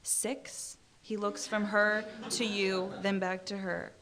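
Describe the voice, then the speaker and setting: A woman author reading her own short fiction aloud in a measured, dry narrating voice. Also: mid-range voice, flat delivery, crowd noise. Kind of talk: literary reading.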